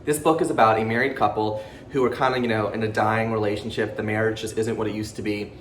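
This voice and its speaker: A man hosting his own book channel, talking fast and excitably through a casual monthly reading wrap-up, jittery from a pre-workout drink and swearing freely. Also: lowish voice. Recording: roomy echo with faint background noise.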